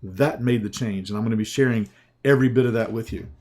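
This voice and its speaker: A man's voice: lowish voice, fast talker, a little mellow. Punchy male sales presenter with a slightly scratchy throat. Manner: punchy, repetitive, emphatic selling.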